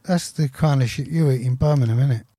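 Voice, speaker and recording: A man's voice: mid-range voice, fast talker, mellow, slightly rough, no room sound. A man co-hosting a podcast, teasing his guests with sweary banter in casual comedy chat. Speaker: podcast co-host.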